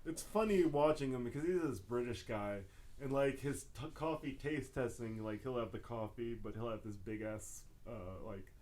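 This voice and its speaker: A man's voice: medium pitch, normal speed, darkish tone. A young man co-hosting a podcast in casual chat, laughing often and swearing freely. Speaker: podcast co-host.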